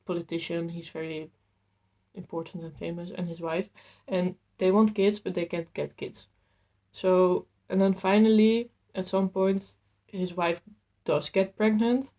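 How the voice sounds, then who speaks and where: Woman, book vlogger, casual chat, enthusiastic, rambling, mellow tone. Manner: enthusiastic and rambling, with lively jumps in pitch. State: slightly out of breath.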